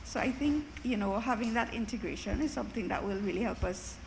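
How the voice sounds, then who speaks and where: A woman's voice: medium pitch, a little fast, creaky, noisy background. A woman from Jamaica and Trinidad asking a panel an earnest, personal question from the audience. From Caribbean, Jamaica and Trinidad.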